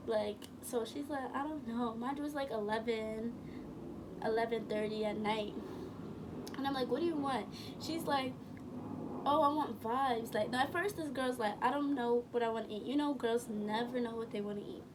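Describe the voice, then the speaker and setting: A young woman spins a casual, slangy story, doubling back to correct herself as she goes. Her voice sits a little high, and it is picked up from a bit away from the mic, with a faint hum of room noise behind. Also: distant mic. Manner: rambling, self-correcting, slangy. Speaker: vlogger.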